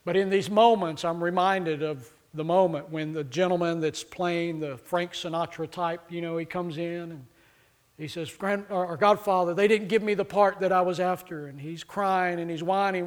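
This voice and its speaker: High-voiced fervent preacher man. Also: fairly even intonation, moderate pace. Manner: fervent, rises to loud emphatic peaks then drops low; acts out scripture characters in quoted voices. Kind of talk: sermon.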